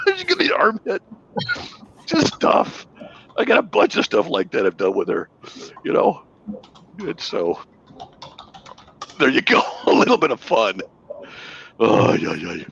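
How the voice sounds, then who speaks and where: A man's voice: medium pitch, huge pitch swings, measured pace, creaky, long pauses, fairly bright tone, lo-fi sound, slight background noise. A man hosting a casual livestream, telling playful stories and laughing often. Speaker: ministry host. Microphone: webcam.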